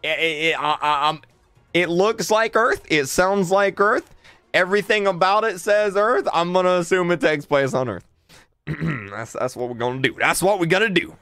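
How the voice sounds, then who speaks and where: A man's voice: sits high, normal speed, a bit bright, clear, resonant tone, no echo, soft background music. A man streaming live and reading his chat aloud. He is exasperated, repeats himself, stammers and breaks into laughs. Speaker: livestreamer. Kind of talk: livestream chat commentary.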